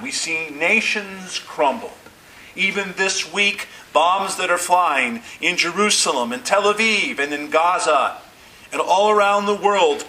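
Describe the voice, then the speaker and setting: Bright-voiced male pastor preaching. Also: on the high side, poor audio. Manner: deliberate preaching with emphatic pauses and rising stresses. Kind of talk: sermon. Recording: faint hiss.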